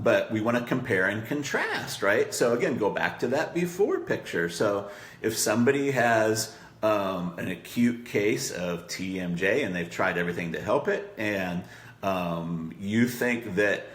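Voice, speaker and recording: Man, low-pitched, animated, conversational coaching, acts out quotes, roomy echo. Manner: conversational, keeps checking in with "right?". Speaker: marketing coach. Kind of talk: coaching session on marketing copy.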